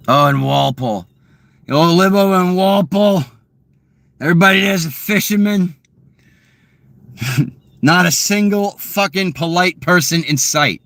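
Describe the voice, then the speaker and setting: A man's voice: mid-range voice, fairly bright tone, no echo. Crude, rambling guy. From Massachusetts. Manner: crude, rambling, laughing, swearing. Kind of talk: casual chat to viewers.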